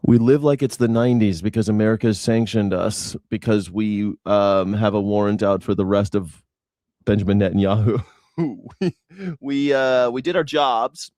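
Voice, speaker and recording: A man's voice: on the low side, normal speed, darkish tone, no echo, clean studio sound. A young man hosting a news reaction show, sarcastic and mocking, with lots of swearing. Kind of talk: profane sarcastic commentary.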